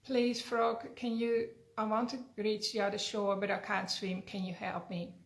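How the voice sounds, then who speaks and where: Sly smooth-talking scorpion from a fable, woman doing the voice, middle pitch, echoey room. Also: flat delivery, unhurried. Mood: pleading. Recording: roomy echo.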